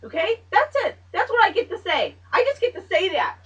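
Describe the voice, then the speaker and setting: A woman with a high, bright, sharp-edged voice scolds and lectures her grown child, swearing as she argues. She sounds set back from the microphone, somewhere in a family home. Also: sing-song, fairly quick, far from the mic, highs cut off. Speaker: mother. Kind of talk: heated family argument.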